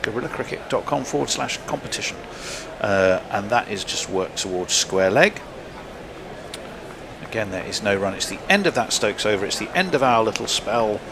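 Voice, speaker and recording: A male cricket commentator calling play in a relaxed, jokey way. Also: on the low side, normal speed, noisy background. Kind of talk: ball-by-ball commentary.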